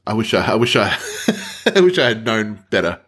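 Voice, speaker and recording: A man's voice: fairly low pitch, very animated, normal speed, a bit bright, breathy edge. A man rambling through a story on a casual podcast, swearing and laughing as he goes. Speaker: podcast co-host. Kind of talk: casual chat. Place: Melbourne apartment.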